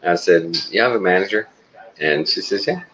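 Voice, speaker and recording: A man from Texas with a Texan accent tells a story casually on a live stream, halting often with "uh" pauses. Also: deep voice, lively intonation, fairly bright tone, slight background noise, low-quality recording. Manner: halting, unhurried, full of "uh" pauses.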